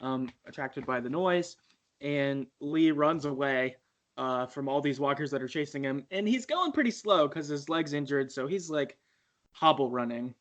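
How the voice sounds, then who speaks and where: A man's voice: fairly high pitch, lively intonation, moderate pace, fairly bright tone. A man co-hosting a podcast, casually recapping a story game in a rambling way and laughing easily. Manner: rambling, many fillers and restarts, laughs easily. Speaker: podcast co-host.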